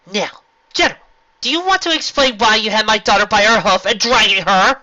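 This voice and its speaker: Man doing a motherly pony queen, high lively voice, bright tone, lo-fi recording. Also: normal speed, no room sound, heavily acted. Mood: irritated. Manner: gentle scolding, raised pitch. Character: caring queen mother pony, warm but firm. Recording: lo-fi home recording.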